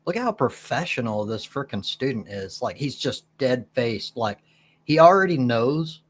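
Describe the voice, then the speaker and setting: A man's voice: mid-range voice, animated, normal speed, slight background noise. A man commenting on a clip in a scornful, profane, casual way. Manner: scornful, laughing. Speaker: reaction video host.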